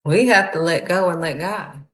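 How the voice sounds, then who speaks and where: A woman preaches, speaking in a heartfelt, conversational way. Her voice sits a little low for a woman. The sound carries a noticeable echo from the room around her. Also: normal speed. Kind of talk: sermon. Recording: echoey room.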